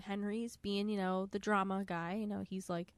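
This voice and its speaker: A woman's voice: medium pitch, level tone, normal speed, smooth, no echo. A young woman co-hosting a casual book podcast, giggly, playful and self-deprecating. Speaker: podcast co-host. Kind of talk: casual book-club chat.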